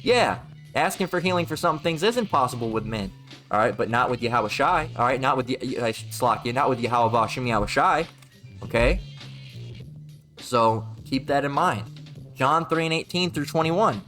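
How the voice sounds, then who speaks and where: A man's voice: medium pitch, animated, normal speed, a bit bright, soft background music. Profane rambling preacher man. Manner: rambling, profane, mocking voices. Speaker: street preacher. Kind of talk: informal preaching monologue.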